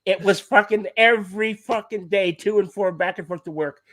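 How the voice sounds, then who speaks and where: A man's voice: high-pitched, moderate pace, no room sound. A man co-hosting a casual music chat, telling stories animatedly and swearing a lot. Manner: animated storytelling, heavy swearing. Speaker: podcast co-host.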